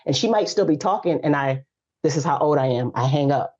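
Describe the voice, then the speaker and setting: On a casual podcast, a guest coach in her forties recounts stories with frank, emphatic energy, speaking fairly quickly in a deep voice. The recording comes across as slightly dull and lo-fi.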